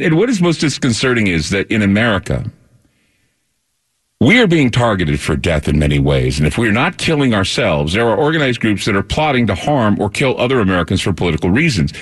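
A man's voice: lowish voice, breathy edge. A tired male talk radio host in a rambling monologue, often repeating words and restarting.

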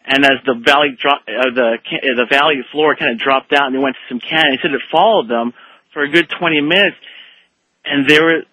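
A man's voice: mid-range voice, a little fast, sharp tone, no room sound, poor audio. A man calling in to a radio show, rambling through a story and acting out the quotes with animation. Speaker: caller.

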